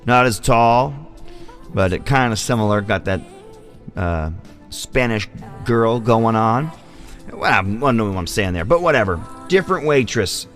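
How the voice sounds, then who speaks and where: A man's voice: on the low side, lively intonation, unhurried, fairly bright tone, soft background music. A man hosting a vlog, telling a long rambling story in casual, profane speech. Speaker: vlog host.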